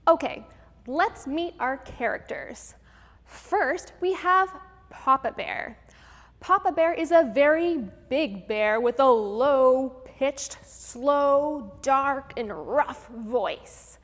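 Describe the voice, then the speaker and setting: High-voiced upbeat woman teaching children. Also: lively intonation, very slow, fairly bright tone. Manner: clear, upbeat teacher explaining step by step. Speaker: host of a children's music program. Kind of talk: live virtual music lesson for children. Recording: long room reverb with faint background noise.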